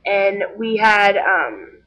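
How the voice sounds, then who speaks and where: A young woman telling a story in a casual vlog, chatty and animated, acting out the people she quotes. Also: mid-range voice, drawn-out words, low-quality recording.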